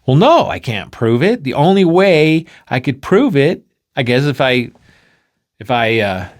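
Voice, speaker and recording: A man voicing a playful, baffled two-dimensional man who trips over his words and breaks into high, squeaky outbursts. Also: big pitch swings, measured pace. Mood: pleading.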